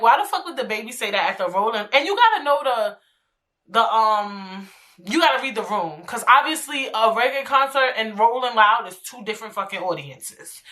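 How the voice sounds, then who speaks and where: A woman hosting her own podcast, talking alone in a casual, animated, profane way with lots of slangy asides. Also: a little high. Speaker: podcast host. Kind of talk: casual solo podcast monologue.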